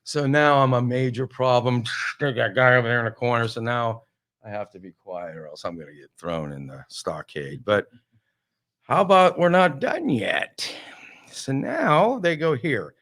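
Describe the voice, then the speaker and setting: A man telling a casual, animated comic story on a talk show, full of exasperation. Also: medium pitch, moderate pace.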